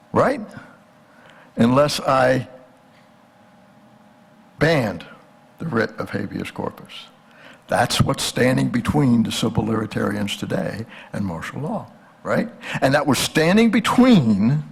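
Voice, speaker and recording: Older male lecturer, gravelly and husky, speaks casually to the audience and keeps asking rhetorical questions. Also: medium pitch. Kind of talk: conversational history lecture.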